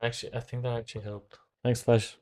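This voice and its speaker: A man hosting a live stream, chatting casually and thinking aloud as he tries out software. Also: mid-range voice, flat delivery, quick pace. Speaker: livestream host testing software.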